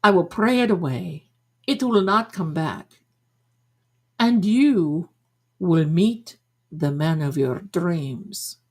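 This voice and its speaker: A woman voicing a scheming female fortune teller with a heavy put-on foreign accent, pitching her services slowly and wheedlingly. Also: expressive, slightly rough, full character voice. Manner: slow, wheedling sales pitch.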